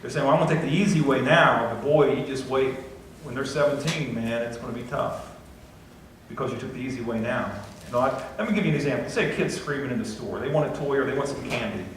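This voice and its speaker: A man's voice: mid-range voice, quick pace, a little hiss or hum. A middle-aged man preaching a conversational sermon as pastor, with folksy, self-deprecating asides. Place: church sanctuary. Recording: echoey church recording from a distance.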